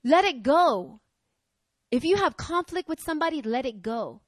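A young woman preaching a sermon, conversational and energetic, swinging from loud exhortation to quiet asides. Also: high voice, moderate pace, dry recording.

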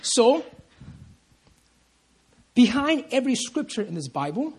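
At a prayer meeting during a church service, a man with a high, husky voice preaches slowly, his pitch swinging widely. He's emphatic, repeating lines and asking "Amen?" for a response, and in bursts of feeling he stumbles and restarts phrases.

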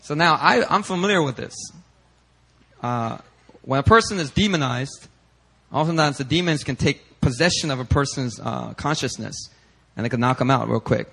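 A young male pastor telling a lively, casual story in a sermon, slipping in Korean phrases. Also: mid-range voice, moderate pace, creaky, breathy edge.

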